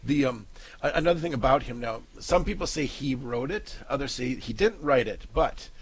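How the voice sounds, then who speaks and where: A man's voice: medium pitch, moderate pace, breathy edge, poor audio. A male co-host of a Catholic talk show, chatty and jokey, trailing off and restarting often. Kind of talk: casual radio-style chat.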